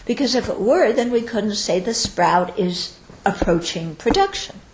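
A woman's voice: mid-range voice, very animated, measured pace, a little hiss or hum. A woman giving a Buddhist teaching to students, explaining step by step and often checking in with "okay?". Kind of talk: dharma talk to students. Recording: roomy echo.

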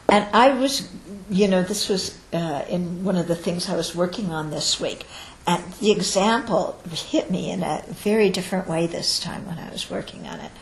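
A woman giving a Buddhist teaching to students, explaining step by step and often checking in with "okay?". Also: mid-range voice. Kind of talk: dharma talk to students. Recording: roomy echo.

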